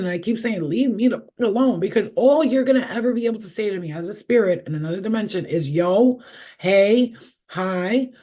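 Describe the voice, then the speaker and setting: A woman's voice: medium pitch, warm tone. A middle-aged woman reads tarot on a casual livestream and swears freely. She talks in loose, rambling asides, candid and unpolished. She sounds like she is recorded on a simple webcam or phone mic in her own room. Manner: profane, candid, rambling storyteller. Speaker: tarot reader. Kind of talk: casual live tarot reading chat.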